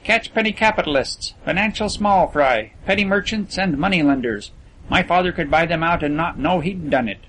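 A man's voice: fairly high pitch, animated, moderate pace, a bit bright, a little hiss or hum. A man voicing a boastful, scornful wealthy teenage boy in an audiobook reading. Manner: lofty, dismissive boasting.

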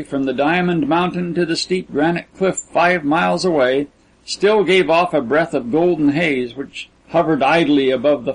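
A man reading classic fiction aloud in a measured, descriptive audiobook style. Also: a little high, gravelly, slightly rough, low-quality recording. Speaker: audiobook narrator. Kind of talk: scripted narration of classic fiction.

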